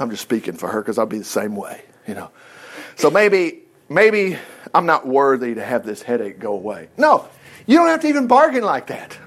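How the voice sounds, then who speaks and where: A man teaching the Bible in a loose, conversational sermon. His voice sits high and swings widely in pitch as he jumps between reading verses and excited side comments. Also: fairly quick. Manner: animated, reads scripture aloud with folksy asides. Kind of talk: informal Bible study sermon.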